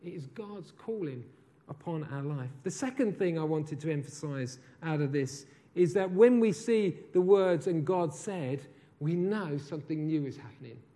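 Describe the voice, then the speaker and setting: A man preaches a sermon, voice on the higher side for a man. He talks it through conversationally, peppering it with rhetorical questions and sinking to a quiet hush to land a point. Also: animated, moderate pace. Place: church.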